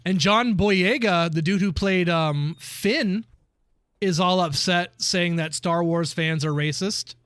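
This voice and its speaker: A man streaming a game and chatting casually with viewers, animated and profane, ranting between laughs. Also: high voice, slow pace, clean tone, no room sound. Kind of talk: casual livestream chat while gaming.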